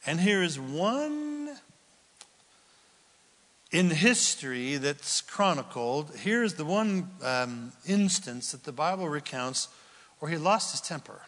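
A man preaches with a high, animated voice that swings widely in pitch as he acts out the quotes in his reading. He takes his time, drawing words out slowly. A long reverb trails behind him, as in a large church hall. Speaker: pastor. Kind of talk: sermon.

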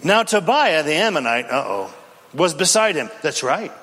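A man preaching a dramatic, impassioned sermon, shouting at peaks, in a reverberant hall. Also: fairly high pitch, big pitch swings, normal speed, slightly rough. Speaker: pastor.

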